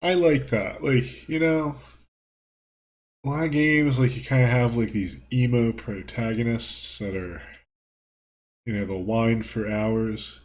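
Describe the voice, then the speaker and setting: A man's voice: mid-range voice, slow pace. A man joking his way through a video game playthrough in a wry, rambling way, recorded on a home desk mic with button clicks. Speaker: let's play host. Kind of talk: casual gameplay commentary. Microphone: desk mic at home, button clicks audible. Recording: dull lo-fi with game music.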